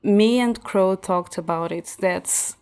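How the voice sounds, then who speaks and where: A woman's voice: mid-range voice, takes it slowly, smooth. A woman from central Portugal with a Portuguese accent, a native Portuguese speaker chatting casually in English as a streamer, explaining with many restarts and fillers. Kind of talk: casual chat while gaming. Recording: soft background music.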